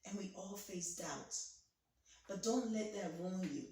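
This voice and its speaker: A woman's voice: mid-range voice, measured pace, mellow. A woman, a physician and pastor, preaching a motivational talk in an emphatic, theatrical, repetitive way. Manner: theatrical, acts out voices. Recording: very echoey room, voice from far off.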